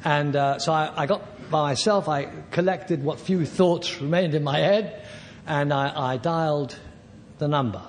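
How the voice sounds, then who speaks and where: An older man at a recovery meeting, telling his personal story in a halting, self-deprecating way with soft laughs. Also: on the high side, in a large hall, slight background noise.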